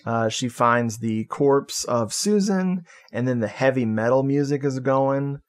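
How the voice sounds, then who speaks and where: A man co-hosting a podcast, recapping a horror film in casual chat, excitable and swearing freely. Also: medium pitch, a little slow. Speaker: podcast co-host.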